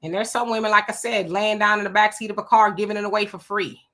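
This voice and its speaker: A woman's voice: medium pitch, fairly even intonation, fast, a bit bright. A woman hosting a live stream, chatting casually and giving opinions as she reads viewer comments. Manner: chatty, opinionated, laughing asides. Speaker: livestream host.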